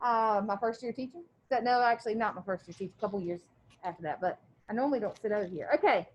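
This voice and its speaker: A woman's voice: mid-range voice, fast, highs cut off. A woman teacher reading a novel aloud to her class, stopping often to quiz the students on words and events. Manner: animated, quizzing students between passages.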